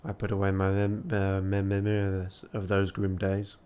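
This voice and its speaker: A man's voice: low voice, completely flat delivery, moderate pace, darkish tone, clean tone. A tired man reading a text adventure aloud late at night on a charity stream, with joking asides.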